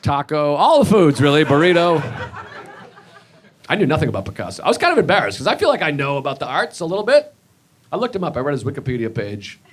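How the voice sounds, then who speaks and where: A male stand-up comedian with a high voice that jumps around as he rambles and mocks himself. He breaks into sudden shouted bits. The clip carries clear audience noise and clicks. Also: huge pitch swings, quick pace. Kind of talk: stand-up set. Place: comedy stage.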